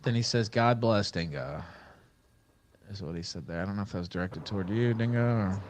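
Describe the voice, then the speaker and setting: A man hosting a casual stream and reading viewer messages aloud. He talks in a quiet, mumbled, unhurried way. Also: fairly low pitch, highs cut off. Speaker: stream host reading super chats. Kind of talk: casual chat.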